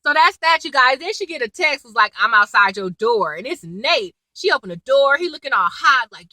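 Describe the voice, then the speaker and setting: Her voice sits high and moves at normal speed, captured on a rough recording without echo. A TV recap vlogger, she retells an episode in a chatty, animated way, performing lines and laughing.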